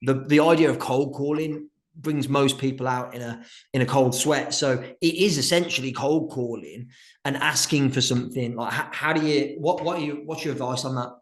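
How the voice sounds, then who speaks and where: A man's voice: mid-range voice, moderate pace. A man hosting a podcast interview, thoughtfully framing questions for his listeners. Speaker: podcast host. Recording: roomy echo.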